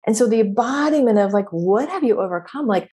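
A woman's voice: a little high, animated, a little fast, mellow. A woman coach and podcast host giving an emphatic, preachy motivational talk with casual swearing.

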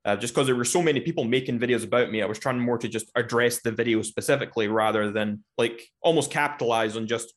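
Male podcast guest, quick delivery, stumbling restarts, casual chat. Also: medium pitch. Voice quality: rapid talk with stumbles and restarts. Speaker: guest YouTuber.

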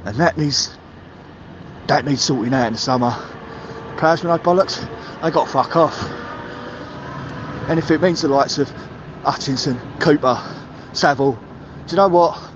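Angry bloke ranting down a muffled phone, faint traffic behind, swears a lot. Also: male voice, fairly high pitch, normal speed, long pauses. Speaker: caller. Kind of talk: voicemail rant.

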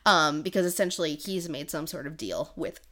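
A woman's voice: low voice, fairly quick, a bit bright. A woman co-hosting a podcast, casually recapping a book plot in a rambling way with lots of "um" and "like". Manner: rambling, full of "um" and "like". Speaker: podcast co-host.

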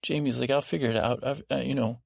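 Brief: a male sleep-podcast host, low and very gravelly, rambling through a recap, dry close sound. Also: fairly even intonation, fairly quick, a little mellow, dry recording. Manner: meandering, tangential.

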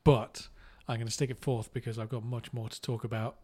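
A man's voice: medium pitch, flat delivery, a little fast, a little mellow, husky. Joking English man on a movie podcast. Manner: jokey, laughs often, slips into put-on voices. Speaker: podcast co-host. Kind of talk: casual movie podcast chat.

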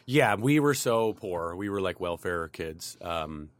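A man's voice: deep voice, animated, unhurried, no room sound. A man chatting casually on a podcast, rambling, restarting his sentences and laughing often. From Canada. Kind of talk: casual chat.

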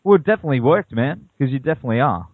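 A man's voice: mid-range voice, expressive, racing, no echo. A man interviewing a guest in a chatty, fan-like way, using casual slang. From Australia. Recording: tinny phone line.

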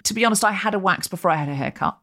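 A woman's voice: mid-range voice, racing. A woman hosting a podcast in casual comedic chat over a video call, telling stories with energy and often acting out what other people said. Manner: animated storytelling, mimicking others in quotes. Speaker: podcast host.

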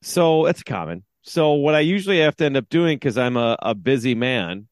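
A man, a father of two, co-hosting a casual podcast, rambling and joking with restarts as he pitches ideas. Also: sing-song, moderate pace, no echo, studio quality. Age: adult, father of two. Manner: rambling, joking, self-interrupting. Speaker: podcast co-host. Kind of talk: casual sports podcast banter.

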